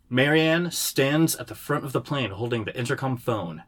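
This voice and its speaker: A man, the writer, reading the stage directions of his screenplay aloud in a steady way. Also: mid-range voice, normal speed, husky.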